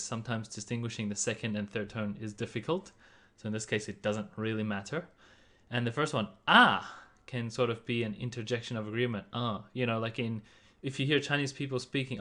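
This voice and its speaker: A man's voice: on the low side, fairly bright tone. A man narrating a slide-based language lesson in an explanatory manner, voicing example sounds in varied tones. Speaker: language teacher.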